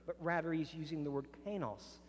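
A man preaching a sermon as a pastor, earnest, dropping soft on solemn lines. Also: on the high side, steady tone, fairly quick, long reverb tail. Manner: earnest preaching, drops soft on solemn lines, rises sharply in acted arguments.

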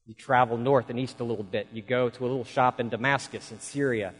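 A man's voice: mid-range voice, steady tone, fast talker, few pauses, husky, long reverb tail, low-quality recording. A man preaching a sermon, telling folksy stories in an earnest way.

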